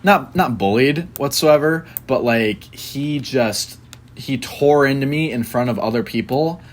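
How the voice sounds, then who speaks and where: Young guy, mid-pitched voice, podcast co-host, halting casual storyteller. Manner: loose, halting storytelling with fillers and laughter. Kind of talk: casual chat.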